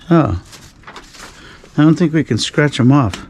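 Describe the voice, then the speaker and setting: A man's voice: fairly high pitch, lively intonation, a little slow, long pauses, darkish tone. A man narrating his night dumpster dive in a casual vlog, rambling with dry sarcasm and the odd sigh, recorded outdoors at night. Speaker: dumpster-diving vlogger. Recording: outdoor recording with clear background noise.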